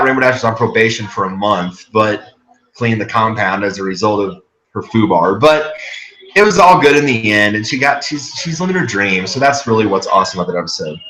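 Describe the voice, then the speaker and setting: A man's voice: mid-range voice, fairly bright tone, roomy sound, low-quality recording. A man hosting a casual episode review, talking enthusiastically and rambling with frequent restarts. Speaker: podcast host.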